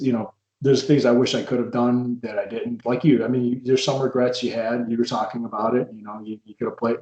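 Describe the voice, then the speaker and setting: A man's voice: mid-range voice, darkish tone, roomy sound, lo-fi sound. A man, a wrestler, talking through his career in a frank, reflective podcast chat. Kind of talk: casual storytelling chat.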